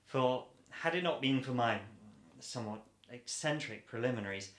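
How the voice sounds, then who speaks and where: An actor playing a blunt, self-assured millionaire suitor in an old-fashioned radio play, speaking in a dry, ironic, matter-of-fact way. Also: male voice, mid-range voice, lively intonation, moderate pace, a bit bright, reverberant, close to an everyday voice.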